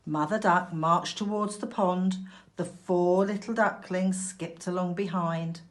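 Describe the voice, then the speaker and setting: A woman teacher reading a picture book aloud to young children, slow, clear and expressive. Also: lowish voice.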